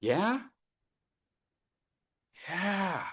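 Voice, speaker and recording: Man, speech coach, animated, playful, high-pitched bursts, lively swings in pitch. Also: drawn-out words, long pauses, breathy edge. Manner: animated, playful, acts out students and sound effects. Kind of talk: lively training talk.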